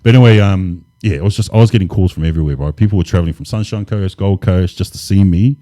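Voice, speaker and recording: A man, relaxed and laid-back, telling stories as an interview guest with lots of casual fillers. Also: low-pitched, fast talker, no room sound, clean studio sound. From New Zealand. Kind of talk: casual storytelling.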